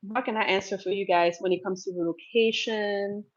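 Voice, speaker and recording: A woman's voice: medium pitch, fairly even intonation, normal speed. A woman from Cameroon chats casually through a livestream Q&A, picking up viewers' comments and answering them with a ready laugh. The sound is a little dull and lo-fi, like a plain livestream mic. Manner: chatty, laughs often, reads out viewer comments. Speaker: livestream host. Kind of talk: casual live Q&A chat.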